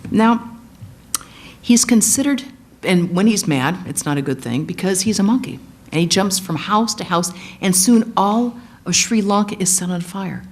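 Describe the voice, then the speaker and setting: A woman giving a sermon, retelling an epic as animated storytelling and acting out the quotes. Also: medium pitch, moderate pace. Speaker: guest speaker, monastic.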